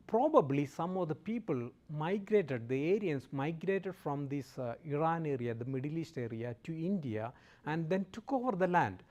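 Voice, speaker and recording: A man with a fairly high voice gives a relaxed classroom lecture. He keeps stopping to check in with his listeners, tossing out "okay?" and the odd light joke. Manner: jokes lightly with audience. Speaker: guest lecturer.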